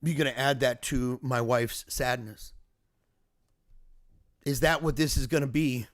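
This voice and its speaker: A man's voice: mid-range voice, fairly even intonation, measured pace, no echo, clean studio sound. A man speaking earnestly and emotionally in a personal video diary, recounting a family emergency as a father. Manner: earnest, emotional, reflective storytelling.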